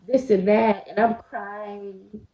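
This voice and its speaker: A woman's voice: medium pitch, flat delivery, slow pace. Chatty woman vlogger in an echoey room. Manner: chatty, confiding, addresses viewers directly. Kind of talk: casual storytime while eating. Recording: roomy, slightly dull home recording.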